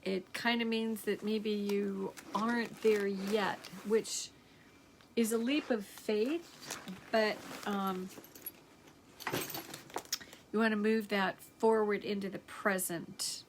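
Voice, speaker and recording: A woman teaching energy healing, slowly reading out affirmations in a gentle, unhurried way with many pauses. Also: medium pitch, fairly even intonation, slight background noise. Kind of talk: slow guided healing affirmations.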